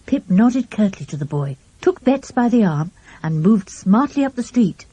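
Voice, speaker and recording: A woman narrating a children's storybook with an expressive, animated reading. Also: medium pitch, normal speed, husky, no room sound, rough recording. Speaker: audiobook narrator.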